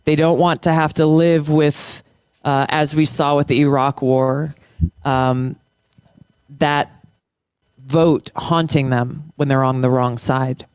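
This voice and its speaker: A middle-aged military veteran and former state lawmaker, a guest speaking earnestly in an interview, impassioned and slowing down for emphasis. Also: medium pitch, fairly even intonation, darkish tone, smooth, no echo, studio quality. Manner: impassioned, restarts phrases, slows down for emphasis.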